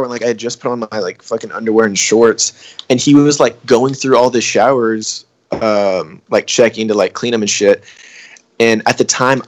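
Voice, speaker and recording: A young man chatting casually with friends, rambling with lots of filler words and swearing. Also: medium pitch. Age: young adult. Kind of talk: casual podcast chat among friends.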